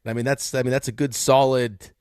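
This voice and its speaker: Man, middle-aged, radio co-host, storytelling, fast, dry studio sound. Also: mid-range voice, flat delivery, darkish tone, clean tone, no room sound. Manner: storytelling, laughs between lines. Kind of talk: casual sports radio chat.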